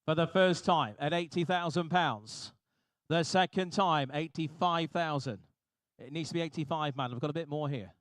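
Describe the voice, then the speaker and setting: A man working as an auctioneer, calling bids briskly and repetitively with jokey asides to the room. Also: a little high, a bit bright, no echo. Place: auction hall.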